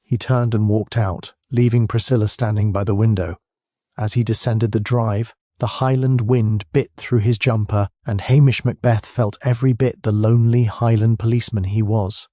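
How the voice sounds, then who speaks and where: A man narrating a mystery audiobook in a steady, measured way. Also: on the low side, no echo, studio quality. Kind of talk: scripted narration.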